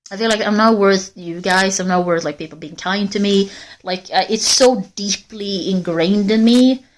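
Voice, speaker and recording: A woman's voice: mid-range voice, moderate pace, slight background noise. A woman livestreamer walking in a forest, talking candidly and rambling straight to her viewers in casual chat. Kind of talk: casual live-stream chat.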